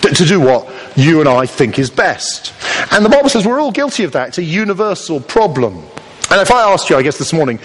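A man preaches a sermon in a lively, swooping voice that sits a little high for a man. He tells the story with humour and acts out little voices along the way. A long reverb hangs behind him, as in a big hall. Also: fairly quick.

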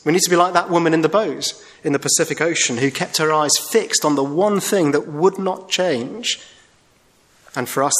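A man's voice: a little high, a bit bright. Earnest male preacher in a reverberant hall. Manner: earnest, emphatic, slows down for key phrases. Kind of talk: sermon.

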